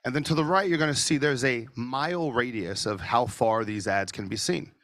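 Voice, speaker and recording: A man presenting a marketing masterclass over a video call, animated and sometimes nearly shouting for emphasis. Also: mid-range voice, normal speed, no room sound, clean studio sound. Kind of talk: energetic webinar teaching. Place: office studio.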